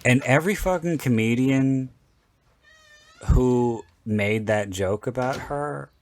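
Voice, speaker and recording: A man's voice: medium pitch, takes it slowly, darkish tone. A man hosting a podcast, talking in a rambling, candid way and swearing freely. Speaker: podcast host. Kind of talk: casual chat.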